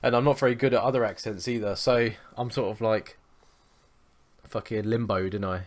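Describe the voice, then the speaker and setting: A man's voice: lowish voice, steady tone. A man from England co-hosting a podcast, chatting casually, swearing freely and laughing through his stories. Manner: sweary, quick to laugh, tells anecdotes. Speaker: podcast co-host. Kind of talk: casual chat.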